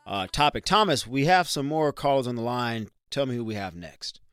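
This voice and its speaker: Man, radio show host, mid pitch, dry close mic, energetic, conversational. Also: smooth, no room sound. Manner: energetic, conversational, quick asides. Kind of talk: talk radio hosting.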